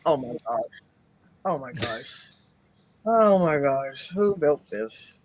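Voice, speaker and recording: A woman's voice: extremely low pitch, animated, slow, darkish tone, no echo, rough recording. A woman on a podcast panel, teasing and playfully exasperated as she guesses in casual chat.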